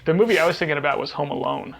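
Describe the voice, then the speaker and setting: Gravelly higher-voiced man chatting. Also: rapid-fire, a loud crowd. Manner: rambling, trails off hunting for titles. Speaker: podcast co-host. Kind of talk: casual chat.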